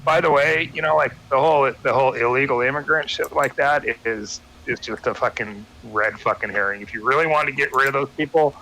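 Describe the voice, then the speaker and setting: An American man guesting on a stream rants casually, swearing often and restarting sentences in a rambling way. His medium-pitched voice is brisk and sharp with few pauses, and the low-quality recording carries slight hiss or hum.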